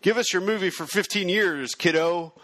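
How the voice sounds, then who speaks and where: A man playing a patronizing male distribution dealer with smooth sales patter. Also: high-pitched, moderate pace, a bit bright, dry recording. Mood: smug.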